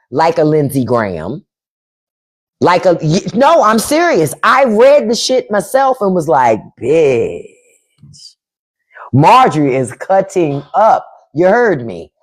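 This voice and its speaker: A woman's voice: medium pitch, big pitch swings, slow, darkish tone. A woman hosting a casual livestream, talking bluntly and with profanity while answering the chat. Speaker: podcast host on a livestream.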